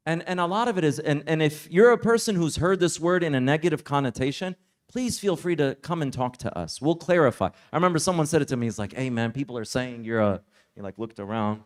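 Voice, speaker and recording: A man with a somewhat high voice gives a religious lecture as a story. He talks casually and conversationally, leaning on "like" and "you know" as he recounts it. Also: expressive, fast talker. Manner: casual, conversational, heavy use of "like". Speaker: Islamic teacher. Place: summer retreat lecture.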